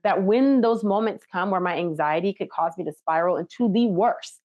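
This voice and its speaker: An American woman in her thirties, a podcast guest, telling open and animated stories about family life in a candid interview. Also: on the low side, moderate pace, muffled recording. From United States. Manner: open, animated storytelling with laughs.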